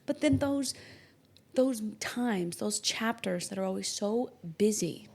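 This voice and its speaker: A woman astrologer hosting a podcast in casual, animated talk, joking and acting out little imagined quotes. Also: a little high, takes it slowly, vocal fry. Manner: animated, jokey, acts out imagined quotes in varied voices.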